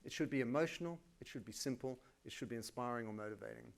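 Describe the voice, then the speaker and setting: A middle-aged Australian man delivers a live conference keynote with energy and colloquial flair, slipping in self-deprecating asides. His mid-range voice is creaky, and he speaks at a quick pace.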